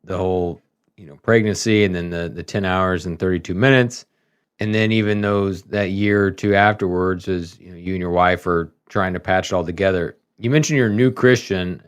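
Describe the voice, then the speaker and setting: A man's voice: low-pitched, moderate pace, clean tone. A man hosting a podcast interview, asking reflective, searching questions with some fillers. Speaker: podcast host.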